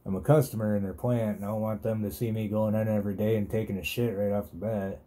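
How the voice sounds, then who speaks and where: A man's voice: lowish voice, steady tone, fast talker, mellow. A man hosting a podcast, telling a rambling, profane story in a laid-back, casual way. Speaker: podcast host.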